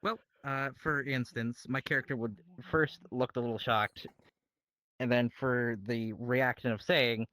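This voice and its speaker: A man's voice: mid-range voice, fairly even intonation, measured pace, pushed and bright, no echo, poor audio. Guy auditioning for an rp, lots of ums and restarts, dry close mic, mid voice. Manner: hesitant, many fillers and restarts. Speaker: auditioning roleplayer. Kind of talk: casual audition interview.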